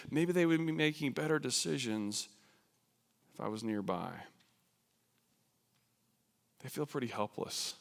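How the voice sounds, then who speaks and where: A man from New Jersey giving a conversational, animated sermon about missions in a church. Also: medium pitch, smooth. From New Jersey, USA. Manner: conversational, animated, self-deprecating. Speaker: missions speaker. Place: church sanctuary. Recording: long hall reverb.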